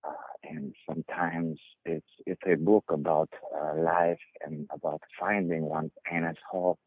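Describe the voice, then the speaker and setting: A man putting on a rambling, mock-sincere male caller who calls himself an author, in a croaky voice over a tinny phone line. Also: deep voice, steady tone, unhurried, no echo. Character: rambling male caller "Gay Elmo Bean", self-styled author.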